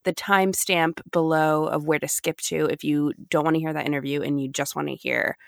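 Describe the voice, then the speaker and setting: A woman's voice: low-pitched, fairly even intonation, fairly quick, creaky, dry recording, studio quality. A young woman co-hosting a podcast, chatting in an upbeat, enthusiastic way. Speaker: podcast co-host. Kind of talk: casual podcast chat.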